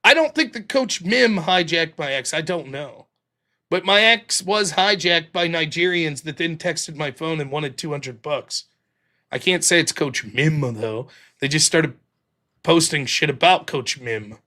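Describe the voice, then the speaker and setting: Man, livestream host, casual profane banter, animated delivery, sharp tone. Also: a little high, measured pace. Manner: profane, joking, ranting.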